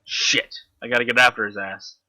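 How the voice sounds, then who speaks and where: A man's voice: mid-range voice, fairly even intonation, normal speed, pushed and bright. A man commentating his own gameplay, frustrated and swearing constantly at the enemy he is fighting. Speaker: gamer.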